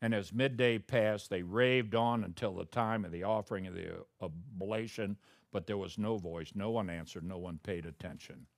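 Pastor preaching in a dry close sound. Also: male voice, fairly low pitch, moderate pace, gravelly, dry recording. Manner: conversational preaching, rising to loud emphatic peaks. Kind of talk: sermon.

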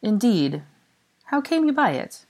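A woman's voice: mid-range voice, sing-song, measured pace, a little mellow, pitched above the performer's own voice. A woman voicing a sly, courteous French marquis, polite and prying, with a French accent. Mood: suave, inquisitive. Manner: polite and probing.

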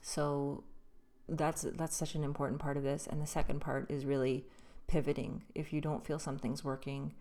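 A woman's voice: deep voice, flat delivery, moderate pace, mellow. A woman hosting her own podcast, telling a personal story in a loose, rambling way with frequent restarts, her voice slightly going. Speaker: podcast host. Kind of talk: solo casual storytelling.

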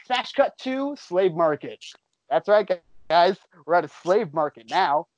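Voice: mid-range voice, a little slow. Incredulous swearing storyteller, muffled recording. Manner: incredulous, sarcastic, swears freely. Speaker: podcast host recapping a show. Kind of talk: casual comedic recap. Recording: dull lo-fi recording.

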